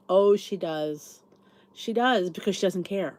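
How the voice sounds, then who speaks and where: Her voice is medium-pitched and somewhat dark, with a measured pace. This middle-aged podcast host is sleepy and yawning, chatting in a rambling way as she thinks aloud and responds to live comments.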